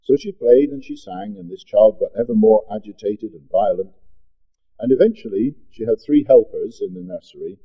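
A man's voice: mid-range voice, lively intonation, normal speed, gravelly. A middle-aged man from the UK, preaching a sermon and telling a story in an earnest, plain-spoken way with asides. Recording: dull lo-fi recording.

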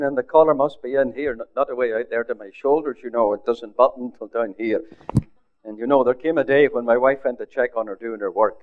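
An older man, a pastor, telling a story in a sermon, often dropping his voice to a near hush for quoted words. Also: medium pitch. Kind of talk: sermon testimony. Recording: phone-like narrow sound.

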